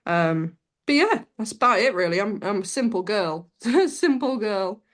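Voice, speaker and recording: A young woman is a guest on a chat podcast. She laughs easily and speaks bluntly in a down-to-earth way. Her pitch sits in a comfortable middle range. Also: animated, unhurried. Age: young adult. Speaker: guest, amateur golfer. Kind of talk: casual chat interview over a call.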